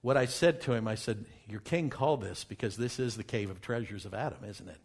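A man telling a dramatic first-person story while pointing out pictures, dropping to hushed tones for quoted exchanges. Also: lowish voice, brisk, slightly rough. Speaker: speaker presenting travel findings. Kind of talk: storytelling talk with slides.

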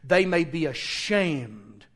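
A middle-aged man preaching a sermon in a high voice. He reads scripture in a steady tone, then gets heated and close to shouting as he recounts his own run-ins. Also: slow. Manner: animated, rising to near-shouting in retold confrontations. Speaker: pastor.

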